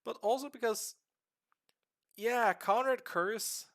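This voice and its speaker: A man streaming live and explaining game lore to a friend in a casual, animated way with casual swearing. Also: very high-pitched, slow pace.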